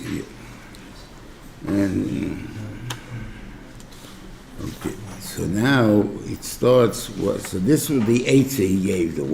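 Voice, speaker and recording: A New rabbi giving an informal class, talking conversationally, often checking in with "right?" and using everyday examples. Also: male voice, lowish voice, creaky, dark tone, roomy sound, a little hiss or hum. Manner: explains through everyday examples. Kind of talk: informal Torah class lecture.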